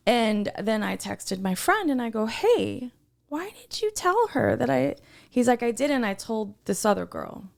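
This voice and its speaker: Foul-mouthed woman with a gravelly voice. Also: a little high, unhurried. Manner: swears a lot, heated and animated retelling. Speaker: podcast co-host. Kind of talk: casual chat, storytelling.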